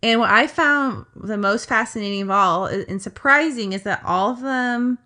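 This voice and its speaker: A woman's voice: fairly high pitch, normal speed, sharp tone. A woman co-hosting a podcast, retelling a story in a chatty way with lots of fillers and asides. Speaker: podcast co-host. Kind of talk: casual storytelling chat.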